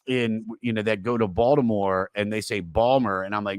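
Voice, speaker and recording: A male podcast host talking casually, swinging between loud jokes and quiet asides, with plenty of cursing and laughter. His voice sits close to the mic in a dry, dead-sounding room. He sounds loose and excitable. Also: lowish voice, a little fast, hardly any pauses, dry recording. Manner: animated, swears a lot, laughs often. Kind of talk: casual chat.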